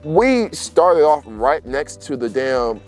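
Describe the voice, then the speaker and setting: A man's voice: on the high side, very animated, slow pace, a little mellow, faint music behind. A young man telling a story in casual, slangy chat and laughing as he goes.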